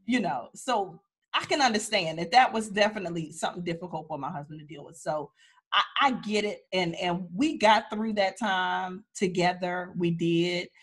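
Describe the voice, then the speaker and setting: A woman attorney appearing as a guest shares personal stories in a conversation, speaking in a husky, lowish voice at a moderate pace. Her storytelling is candid, heartfelt, and emotional, with many restarts.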